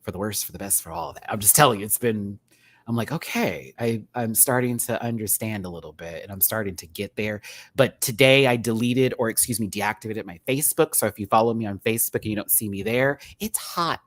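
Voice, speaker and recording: A man hosting a casual live-stream rant, chatty and rambling, with sudden bursts of high laughter. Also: animated, a little fast. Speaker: YouTube commentary host.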